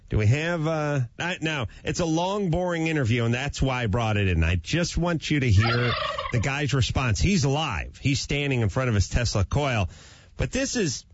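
A man hosting a talk show, telling a comic story about his dog and acting out voices along the way. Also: mid-range voice. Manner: animated, acts out his dog and his own hushed yelling. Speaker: radio show host. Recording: slightly dull, dry studio sound.

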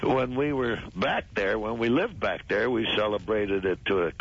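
An older man calling in as a radio guest, halting and repeating words as he talks. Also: fairly low pitch, slight background noise. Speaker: phone-in guest. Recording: dull lo-fi phone-in audio.

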